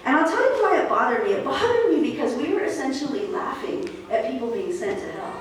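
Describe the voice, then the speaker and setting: A woman pastor preaching a sermon in a relaxed, conversational storytelling way, with fillers. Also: high voice, a little fast, a little hiss or hum. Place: church sanctuary. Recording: echoey church hall from far off.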